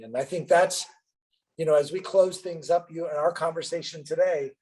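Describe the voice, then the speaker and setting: A middle-aged businessman, a podcast guest, telling an anecdote in an animated way and acting out both sides of the dialogue. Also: a little high, slightly rough, poor audio. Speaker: guest entrepreneur. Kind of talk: storytelling interview answer.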